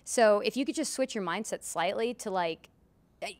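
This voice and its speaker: A woman's voice: mid-range voice, moderate pace. A woman guest on a casual podcast, speaking earnestly and motivationally, thinking aloud about mindset. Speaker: musician guest. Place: room in Nashville.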